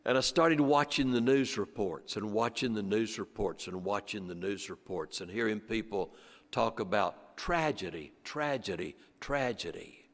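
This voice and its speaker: Older storyteller in a reverberant church. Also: male voice, normal speed. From western North Carolina. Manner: rhythmic repetition, voice sinking low and soft on refrains. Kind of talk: storytelling performance. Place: church sanctuary before an audience.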